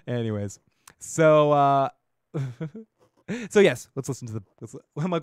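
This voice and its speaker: A man's voice: mid-range voice, expressive, measured pace, smooth. A man with a Boston accent from Massachusetts, hosting a podcast and reviewing a TV episode in loose, profane, rambling chat that keeps trailing off and restarting. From Massachusetts, USA. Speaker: podcast host reviewing a TV show.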